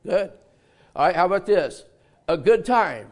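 A man's voice: high voice, big pitch swings, a little slow. An older man preaching a sermon, drawing answers from his congregation, repeating them back and telling homey stories with a laugh. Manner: folksy storytelling with laughs. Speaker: pastor.

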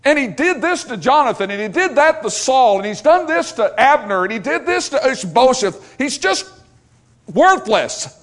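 A man voicing a furious, spiteful ancient man who stammers out accusations in a high, loud rant. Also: big pitch swings, moderate pace, full character voice. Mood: indignant rant.

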